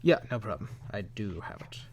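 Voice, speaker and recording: A man narrating as game master, relaxed and self-deprecating, with lots of ums. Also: on the low side, moderate pace.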